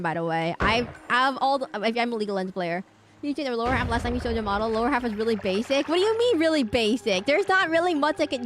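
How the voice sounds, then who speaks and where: A woman VTuber chatting casually with her viewers while playing a game, bursting into indignant replies to chat and humming under her breath. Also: on the high side. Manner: animated, indignant bursts when reading chat. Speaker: VTuber streamer. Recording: game music behind. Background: game music.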